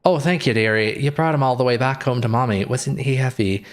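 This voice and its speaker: A man's voice: medium pitch, a little fast, close to an everyday voice. A man voicing a sweet elderly woman who dotes on her cat while reading game dialogue aloud. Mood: doting. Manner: fussing, motherly.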